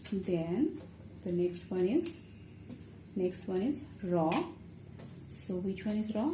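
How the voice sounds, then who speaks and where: Woman teacher, unhurried and patient, step-by-step lesson delivery; roomy recording with faint ambience. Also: medium pitch, expressive, mellow, a little hiss or hum. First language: Bengali. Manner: patient, explaining step by step while writing. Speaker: language teacher. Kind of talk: online language lesson. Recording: echoey room with faint ambience.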